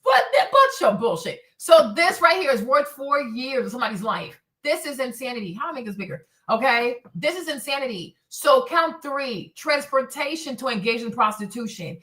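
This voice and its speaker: Woman host, heated streaming rant, high bright voice, lots of swearing and repetition. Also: very animated, normal speed, hardly any pauses. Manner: indignant, swears a lot, repeats phrases. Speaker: host of a streaming commentary show. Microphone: streaming setup mic.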